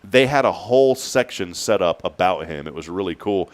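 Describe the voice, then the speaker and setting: A man's voice: low voice, moderate pace. A middle-aged man hosting a casual morning show, chatting and telling stories with acted-out quotes. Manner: animated storyteller, acts out quotes. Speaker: radio show host.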